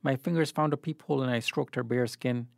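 A man giving a literary fiction reading in a measured, even way. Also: mid-range voice, vocal fry, no room sound, clean studio sound. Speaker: reader.

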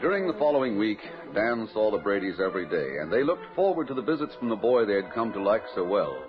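A man narrating a 1940s radio drama in a crisp, dramatic storytelling manner. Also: lowish voice, very animated, fast talker. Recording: dull old radio broadcast with music.

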